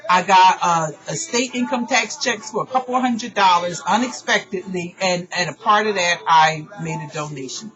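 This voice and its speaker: A woman's voice: fairly low pitch, normal speed, few pauses, a bit bright. A woman who hosts an online radio show, venting in an emotional, profane personal monologue. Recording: dull lo-fi recording with faint music.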